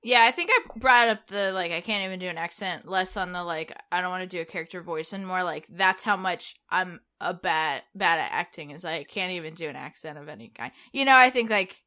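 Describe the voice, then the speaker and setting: A woman's voice: fairly low pitch, brisk, hardly any pauses, pushed and bright. A woman co-hosting a podcast in casual chat, hesitant and self-deprecating. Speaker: podcast co-host.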